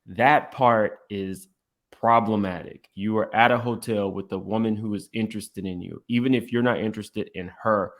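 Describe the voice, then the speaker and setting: A man with a fairly low voice gives blunt, opinionated reaction commentary on podcast clips. He talks straight to his viewers and asks them to weigh in. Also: fairly even intonation, normal speed. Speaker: commentary host.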